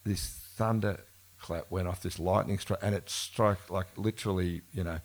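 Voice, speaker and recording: Deep, husky man spinning yarns. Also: steady tone, normal speed. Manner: rambling, self-correcting, laughs often. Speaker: musician being interviewed. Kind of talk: casual storytelling conversation. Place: bookshop event before a live audience. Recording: live event recording.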